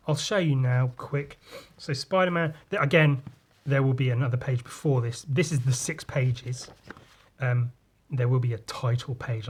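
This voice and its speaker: A man's voice: mid-range voice, breathy edge. A man, hosting a podcast, rambling casually about drawing and swearing freely. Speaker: podcast host and comic artist. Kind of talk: casual chat.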